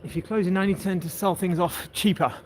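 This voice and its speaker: A man's voice: sits high, fairly even intonation, brisk. A man hosting a casual walking livestream outdoors, chatting and joking and greeting passersby along the way. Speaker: livestream host. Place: outdoors on a coastal town street. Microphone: handheld phone while walking. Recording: outdoor street noise. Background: street ambience and passing vehicles.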